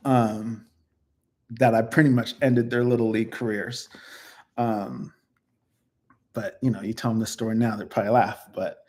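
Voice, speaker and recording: A man in his fifties, speaking at an everyday middle pitch, reminisces casually about his own life. He rambles, trips over his words and corrects himself, filling the pauses with ums. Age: 50s. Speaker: YouTuber reflecting on his life. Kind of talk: casual personal storytelling.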